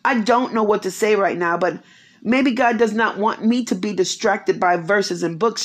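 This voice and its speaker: A woman's voice: medium pitch, normal speed. A woman giving a spiritual encouragement talk at home, emphatic and repetitive, full of rhetorical questions. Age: 50s. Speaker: faith speaker. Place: quiet home.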